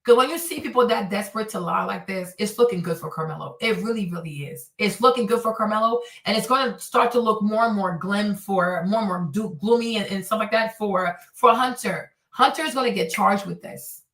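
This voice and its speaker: A woman hosting a reaction stream, ranting loudly and mockingly with lots of swearing. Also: mid-range voice, brisk, few pauses, echoey room, far from the mic. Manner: loud, profane, mocking rants. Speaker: streamer host.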